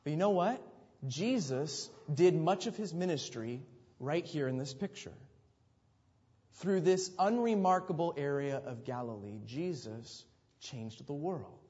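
A man's voice: on the high side, animated, a little slow, warm tone. A man preaching a sermon to his congregation, emphatic and full of rhetorical questions, sometimes repeating a word as he restarts. His voice rings with long reverb through a church sanctuary. The recording is somewhat dull and muffled. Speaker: pastor.

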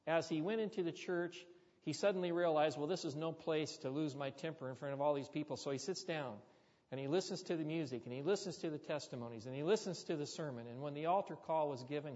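A man's voice: a little high, a little mellow. A man preaching a sermon, telling a story with chatty, joking asides to the congregation. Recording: dull sound with long hall reverb.

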